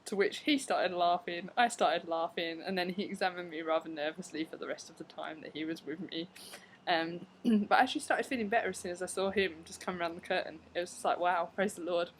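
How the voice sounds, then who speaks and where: A woman's voice: fairly low pitch, steady tone, a little fast, a little hiss or hum, poor audio. Chatty young woman vlogging at home. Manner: chatty, frequent fillers, acts out her reactions. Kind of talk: casual storytelling to camera. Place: at home, indoors.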